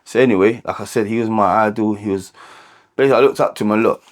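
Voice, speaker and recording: A man with a London accent and a low, deep voice recounts his life story. His telling is candid and unpolished, full of restarts, repeated words and casual "like"s. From London, England. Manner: halting, repeats words and restarts, many filler "like"s.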